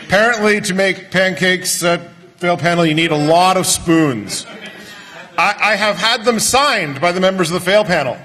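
Man, high lively voice, slow wry banter, crowd and music behind. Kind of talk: hosting a live panel.

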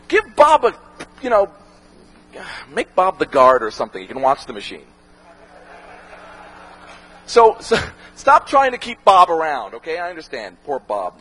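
A man with a slightly raised pitch and a husky, breathy edge talks loosely to an audience, his voice leaping up and down. He swears freely and slips into quick impressions of the people he quotes, like a filmmaker fielding questions after a screening. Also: low-quality recording. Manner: animated and profane, acts out quoted voices. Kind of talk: casual talk with Q&A.

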